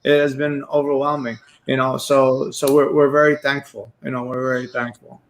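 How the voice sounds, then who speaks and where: A man's voice: mid-range voice, little pitch movement, normal speed, poor audio. A man who owns a restaurant, telling a story on a talk show in an earnest, grateful way. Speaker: restaurant owner guest. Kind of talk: casual talk show chat.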